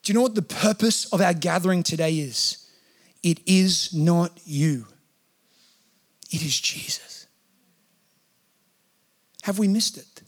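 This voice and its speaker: A man's voice: sits high, moderate pace. A man preaching a sermon in a church, talking earnestly and conversationally and acting out quotes. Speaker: pastor. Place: church hall.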